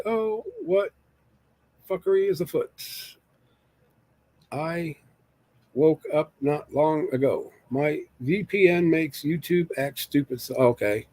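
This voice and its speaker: Give me a slightly high-voiced man rambling through a casual solo live stream, recorded dry on a desk mic. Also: a little mellow, dry recording. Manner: rambling, jokey, reads chat aloud.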